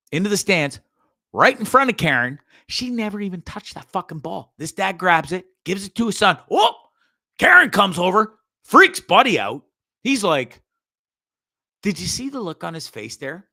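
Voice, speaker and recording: A man hosting a show, giving ranting commentary on a video in a profane, sarcastic, animated way. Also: high voice, moderate pace. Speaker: show host.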